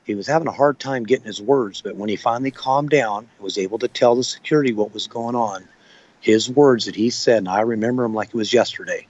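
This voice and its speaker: A man's voice: mid-range voice, fast talker, darkish tone, no echo, lo-fi sound. A man recounting what he witnessed in an interview, plain-spoken and rambling. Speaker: eyewitness.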